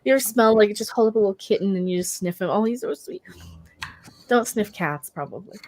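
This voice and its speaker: A woman's voice: medium pitch, expressive, a little fast, darkish tone, no room sound. A woman hosting her birthday livestream, reading out super chats in a rambling, giggly, easily sidetracked way while stoned. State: tipsy and stoned.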